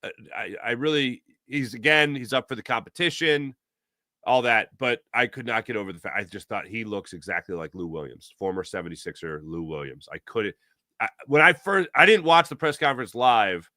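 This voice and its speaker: Philly guy doing sports talk, bright sharp voice, dry close sound, rambles a lot. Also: mid-range voice, fairly quick, no room sound. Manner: rambling, animated, plays out imagined quotes. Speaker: sports talk show host. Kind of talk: casual sports talk commentary.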